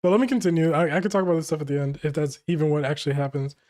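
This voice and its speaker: Excitable high-voiced man reacting. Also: very fast. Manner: excitable, laughs often, slangy with "bro" and "yo". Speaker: manga reaction host. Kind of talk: casual reaction while reading a comic chapter aloud.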